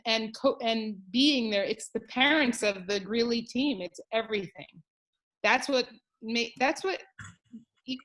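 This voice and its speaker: Female guest, parent, earnest and warm, a touch higher-pitched, video call. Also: low-quality recording. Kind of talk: casual podcast interview.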